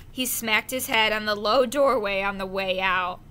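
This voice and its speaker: A woman reading a children's adventure novel aloud, slow and careful, with the odd slip of the tongue. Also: medium pitch, pushed and bright, clean tone. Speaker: audiobook reader. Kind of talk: storybook narration.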